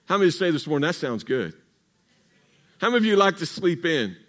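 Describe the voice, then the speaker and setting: A man's voice: a little high, sing-song, a little fast, a bit bright. A man preaching a sermon to his congregation, calling for responses and drawing out key phrases for emphasis. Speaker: pastor. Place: church sanctuary.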